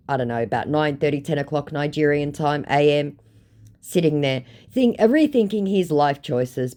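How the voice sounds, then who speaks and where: A woman's voice: rumbling low, a little mellow. An Australian woman casually recounting a story in a blunt, sarcastic way, swearing freely. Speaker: scam-baiting channel host.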